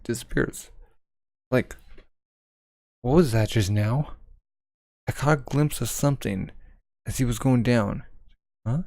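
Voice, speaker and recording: Gravelly man casually reading a manga aloud. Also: medium pitch, a little mellow, no room sound, rough recording. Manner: reads character lines in his own voice, narrates panels with "it's like". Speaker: manga reader.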